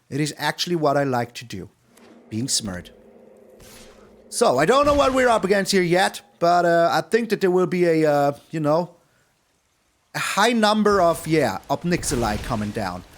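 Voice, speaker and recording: A young man giving casual gameplay commentary, playful and taunting, swinging between excited high bursts and low mutters. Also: moderate pace. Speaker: game streamer.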